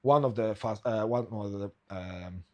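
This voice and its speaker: A man's voice: lowish voice, a little slow, dark tone, lo-fi sound. A man from Poland with a Polish accent mixed with Belfast, a native Polish speaker, hosting a podcast and telling stories with jokes and swearing. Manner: swearing, joking, storytelling. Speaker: podcast host. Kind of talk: casual interview chat.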